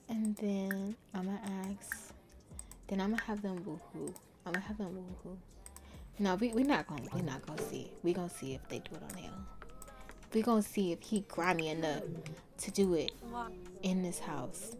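A young adult woman doing casual let's-play commentary, chatting straight to viewers in slang and swinging from hushed whispers to loud exclamations. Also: lowish voice.

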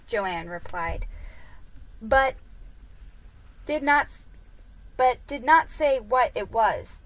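A woman reading a mystery story aloud in a calm, measured way, over background music. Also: a little high, low-quality recording.

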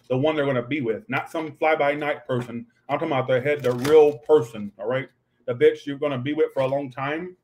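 A man's voice: mid-range voice, a little mellow, a little hiss or hum. A man doing a casual livestream tarot reading, talking in a snappy, profane, ranting way. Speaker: tarot reader.

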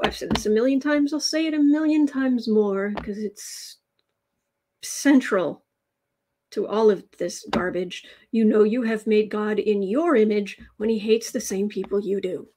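A woman gives a casual tarot reading on a livestream and speaks at a slow, leisurely pace. Her pitch sits in the middle of the range. Now and then she drops into soft, near-whispered asides, and a faint hiss lingers under her voice. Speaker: tarot reader.

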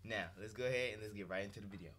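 A young man opens his gaming vlog in a hyped, slangy rush, swearing freely. His voice sits a bit low but rings bright and forward. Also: racing. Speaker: gaming YouTuber. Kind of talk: energetic vlog intro.

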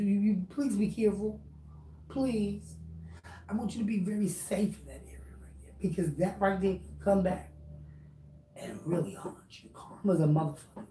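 Woman vlogger, profane and preachy call-out delivery, low mellow timbre, echoey room with faint hiss. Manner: blunt, profane, lecturing. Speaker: YouTuber. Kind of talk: direct-address rant vlog. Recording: roomy echo, distant mic, faint noise.

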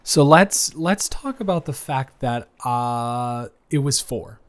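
An earnest young man, the best friend's older brother, voiced by a guy in an improvised romantic audio roleplay. He talks in a halting way, stops and restarts his sentences, and his pitch sits in an ordinary middle range. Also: expressive. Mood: amused. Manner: halting, hesitant, frequent restarts.

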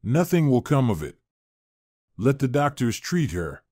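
A man voicing a teasing, blunt old village witch-healer woman with a creaky voice, in a storybook reading. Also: medium pitch, big pitch swings, measured pace, warm tone, no echo, clean studio sound. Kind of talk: storybook narration.

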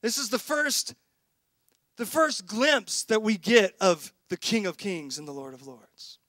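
Male pastor, sermon, very high voice, dry close sound, passionate, drops to near-whisper at times. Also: unhurried, dry recording. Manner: impassioned, swings from loud emphasis to hushed intensity. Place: church.

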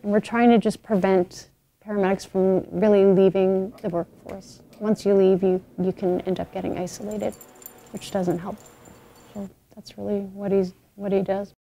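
A woman who leads a paramedic peer support program, speaking earnestly and in a measured way in a documentary interview. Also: mid-range voice, dark tone.

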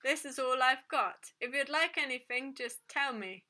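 A soft-spoken, polite young girl, voiced by a woman reading aloud. She sounds curious and kind, with a high, bright voice. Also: unhurried. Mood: polite, gentle. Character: gentle, polite little girl.

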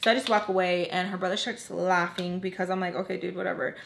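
A woman's voice: on the low side, fast, creaky, slight background noise. A woman telling a personal story in a casual vlog while doing her makeup, chatty and full of "like" fillers. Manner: chatty, filler-heavy with frequent "like"; animated, acts out the other people in the story. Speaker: storytime vlogger.

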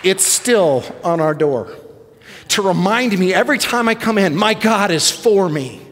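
A middle-aged male pastor telling a story in a sermon, animated and self-deprecating. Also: high voice, a little slow, in a large hall, some chatter behind. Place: church sanctuary.

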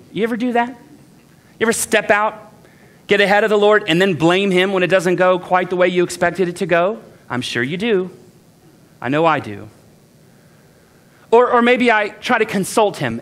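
Animated high-voiced man preaching a sermon. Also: moderate pace, pauses often. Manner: animated, acts out voices of the people in the text; conversational, self-deprecating asides. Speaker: pastor.

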